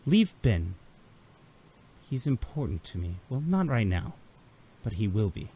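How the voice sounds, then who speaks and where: Older Imperial officer, played by a man, calm, low, measured, commanding, tabletop game. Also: slightly rough, full character voice.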